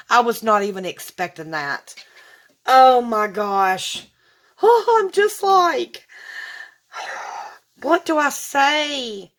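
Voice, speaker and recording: A woman's voice: on the high side, fairly bright tone. A woman, gushing as she unboxes gifts in a casual vlog. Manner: gushing and effusive, says y'all. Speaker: vlogger.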